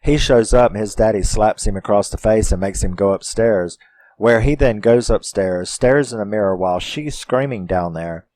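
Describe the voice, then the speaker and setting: A man recapping a horror film in a casual, profane and animated way. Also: lowish voice, moderate pace. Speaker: film reviewer.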